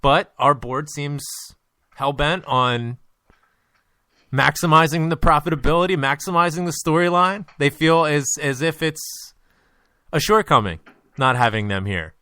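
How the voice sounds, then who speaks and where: A man's voice: fairly high pitch, measured pace, bright, forceful tone, clean tone, no room sound. A man hosting a podcast, talking in a blunt, profane, ranting way and joking between points. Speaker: podcast host. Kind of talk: casual chat.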